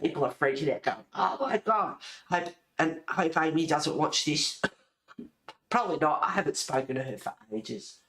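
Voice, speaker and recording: A woman's voice: low-pitched, moderate pace, a bit bright. Rambling, chatty woman. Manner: rambling, chatty, laughs often. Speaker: colouring and junk-journal vlogger. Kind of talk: casual chat showing crafts. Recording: echoey room.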